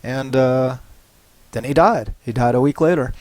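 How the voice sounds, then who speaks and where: A middle-aged man lecturing on psychology in an easygoing, chatty manner, checking in with "right?" as he goes. His voice sits at an ordinary pitch for a man. The recording is close and dry, with no room echo. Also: unhurried, a little mellow. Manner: casual, conversational, often adds "right?" and "you know".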